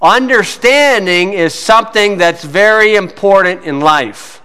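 A man with a high, bright voice preaches in a folksy, storytelling way and keeps saying "you see". He sinks to a low mutter when he tells his stories. His voice rings with long reverb in a hall. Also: unhurried, clear, resonant tone. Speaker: preacher teaching on scripture and law. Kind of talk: folksy teaching sermon.

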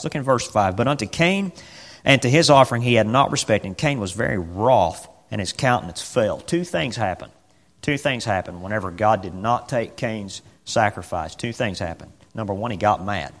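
A man's voice: fairly low pitch, fairly bright tone, big-room sound. Conversational male preacher. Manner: conversational, asks the congregation questions, repeats phrases; reads scripture aloud and acts out the dialogue. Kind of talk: sermon.

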